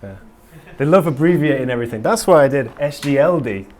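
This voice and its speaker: A man speaking at a conference, candid and eager, rambling through his points with many ums. His voice sits at an ordinary middle pitch for a man. The sound is a live talk in a hall. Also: expressive, brisk, a little mellow. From England.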